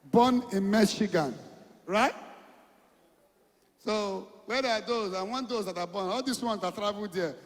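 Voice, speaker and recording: High-voiced Nigerian preacher in a hall. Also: male voice, unhurried, pauses often. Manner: coaxing, repeats phrases, calls people to stand. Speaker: evangelist. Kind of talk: sermon with congregation call-and-response. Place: large church hall. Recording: long reverb of a church hall.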